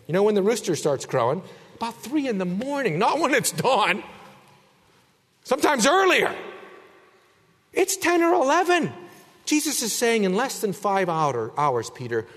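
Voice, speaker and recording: A man preaching a sermon, emphatic, dropping low and quiet then rising loud. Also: long reverb tail.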